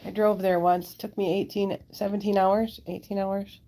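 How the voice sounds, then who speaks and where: Woman, casual live-stream chat, giggly, talks to her pets, mellow warm tone, phone held close. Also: mid-range voice, flat delivery, moderate pace. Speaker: pet owner hosting a live stream. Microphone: handheld phone camera held close.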